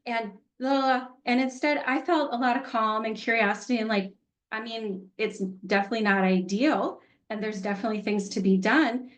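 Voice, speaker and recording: Chatty woman teaching a healing class. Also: mid-range voice. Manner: chatty, candid, laughs easily. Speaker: workshop teacher.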